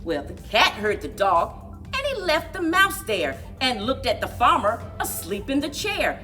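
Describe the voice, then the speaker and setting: A woman, a children's librarian, reading a picture book aloud with expressive storytelling. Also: a little high, measured pace, soft background music. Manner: expressive storyteller, big swoops for animal noises.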